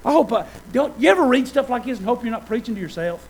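Fervent high-voiced preacher man. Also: lively intonation, a little fast, slight background noise, poor audio. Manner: fervent, building to loud shouted peaks; conversational, self-deprecating asides with laughter. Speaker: pastor. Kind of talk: sermon.

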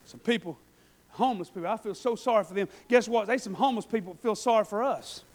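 A man preaching a sermon, swinging between loud shouted passages and quiet folksy asides. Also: sits high, quick pace.

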